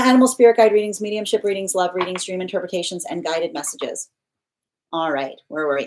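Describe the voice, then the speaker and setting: A woman tarot reader chats through her live stream from home, reading comments aloud in a loose, rambling way. She laughs easily and restarts her sentences as she goes. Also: fairly low pitch. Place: at home with her pet nearby.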